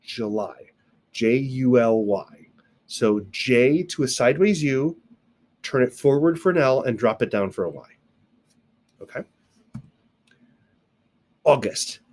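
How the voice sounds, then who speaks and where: A man's voice: mid-range voice, animated, takes it slowly, pauses often, a little mellow. A man giving a casual recorded video lesson, explaining things step by step with playful sound effects and asides, recorded alone indoors on camera. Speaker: sign language teacher.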